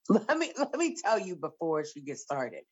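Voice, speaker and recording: A woman with a low voice tells stories in a casual group chat. She is blunt and heavy on profanity, and her voice jumps up when she acts out scenes. The sound is slightly dull and lo-fi. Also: measured pace, slightly rough. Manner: blunt, profane, animated storyteller.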